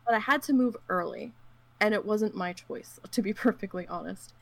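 Gravelly-voiced woman telling a lively story. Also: medium pitch, normal speed. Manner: animated storyteller who acts out quotes; frequent fillers and laughs. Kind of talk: casual chat about gaming.

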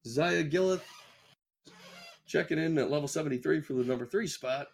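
A man appearing as a guest on a casual podcast, reading rankings in a relaxed, wry way. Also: a little high, normal speed, creaky, slightly rough.

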